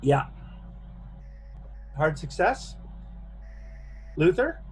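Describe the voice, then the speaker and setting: A man narrating a tabletop horror game as game master on a video call, pausing often with fillers. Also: on the high side, very animated, a little mellow, soft background music. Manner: halting narration with many fillers.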